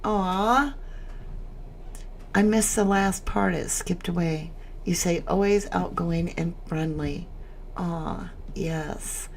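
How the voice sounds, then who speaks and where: A woman's voice: fairly low pitch, slow, creaky, slight background noise. A woman hosting a casual livestream chat, emotional as she reads viewer comments aloud. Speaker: livestream host.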